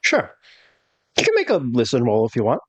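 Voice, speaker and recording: A man's voice: medium pitch, wildly swooping pitch, fairly quick, husky, no room sound. Male game master, rambly narration full of fillers, dead-dry recording.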